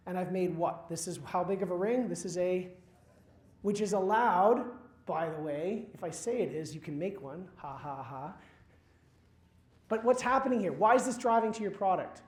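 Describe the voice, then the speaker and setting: In a lecture hall with a roomy echo, a man gives a university chemistry lecture, quizzing his students and dropping wry asides. His voice sits high and he speaks at normal speed.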